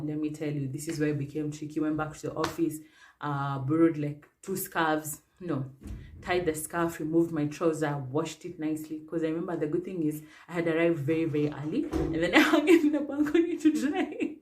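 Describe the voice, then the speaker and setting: Kenyan woman vlogger, young, slightly low voice, lively casual storytelling. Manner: chatty, animated, filler-heavy.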